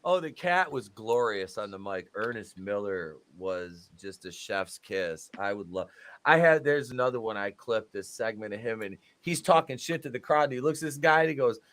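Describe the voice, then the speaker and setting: A man's voice: lowish voice, animated, normal speed, fairly bright tone. A man co-hosting a casual podcast chat, talking animatedly, laughing often and acting out quotes in exaggerated voices. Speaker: podcast co-host.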